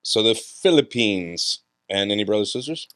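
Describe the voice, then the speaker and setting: A man's voice: lowish voice, animated, moderate pace, fairly bright tone, clean tone, no room sound. A man hosting a podcast, chatting casually and teasing his guest with dry jokes. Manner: joking, teasing. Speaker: podcast host. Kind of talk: casual interview chat.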